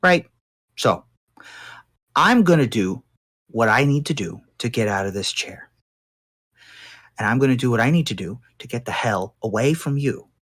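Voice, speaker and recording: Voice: medium pitch, lively intonation, normal speed, pauses often, fairly bright tone. A game master voicing a scheming male ratfolk crime boss who bargains for his freedom. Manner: bargaining, smooth-talking.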